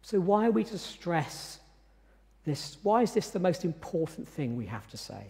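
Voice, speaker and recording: Male preacher, sermon, fairly high voice, long church reverb. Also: big pitch swings, vocal fry, a little mellow. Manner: measured, emphatic preaching with pauses.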